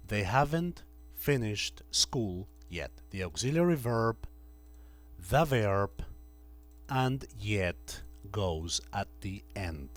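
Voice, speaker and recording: A man teaching English grammar to a class, slowly repeating each example sentence and checking in with the students. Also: medium pitch.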